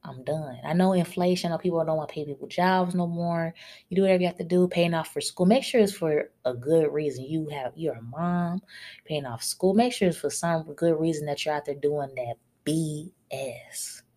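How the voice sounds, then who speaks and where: Woman, podcast host, blunt scolding rant, lowish voice. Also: normal speed, warm tone.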